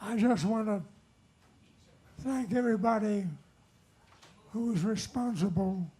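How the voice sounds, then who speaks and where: Husky older guy rambling through a thank-you speech, takes his time. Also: high-pitched, mellow. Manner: halting and wandering, with lots of restarts. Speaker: award honoree. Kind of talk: rambling speech with told jokes. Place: nightclub stage.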